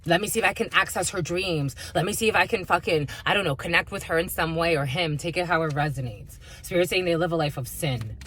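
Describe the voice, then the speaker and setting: A woman's voice: on the low side, quick pace, few pauses, a bit bright. A woman giving an intuitive spiritual reading to her viewers, blunt and heavily profane as she rants. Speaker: spiritual reader.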